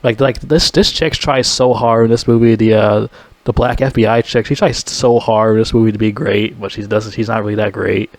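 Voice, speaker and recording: A young man reviews a movie casually, rambling bluntly and swearing heavily. His voice sits on the low side with a steady tone and normal speed, recorded without echo.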